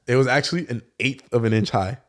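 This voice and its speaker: On a casual podcast, a young male guest who dunks professionally speaks quickly in a mid-range voice. He spins his stories loosely and easily, leaning heavily on the filler "like."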